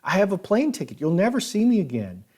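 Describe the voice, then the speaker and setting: A man's voice: fairly high pitch, big pitch swings, quick pace, breathy edge. A man voicing a small, frightened male lawyer who pleads frantically for his life, his words tumbling out. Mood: desperate pleading.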